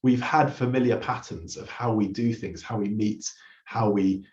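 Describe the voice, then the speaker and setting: Male pastor, mid pitch, preaching in a roomy, muffled church recording; earnest storyteller. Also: fairly even intonation, moderate pace, darkish tone. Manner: earnest storytelling, acts out quoted lines. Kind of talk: sermon. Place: church hall.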